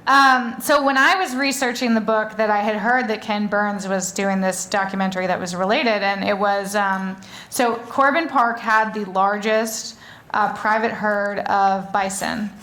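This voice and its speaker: A woman's voice: medium pitch, fairly even intonation, unhurried, sharp tone. A woman author talking on stage before an audience, rambling in a chatty way with many fillers and restarts. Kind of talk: live stage conversation.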